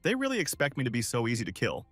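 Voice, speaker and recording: A man's voice: medium pitch, wildly swooping pitch, very fast, fairly bright tone, dry recording, faint music behind. A man voicing a cocky young male fighter from a comic recap, with a sarcastic, teasing manner. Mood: sly mocking.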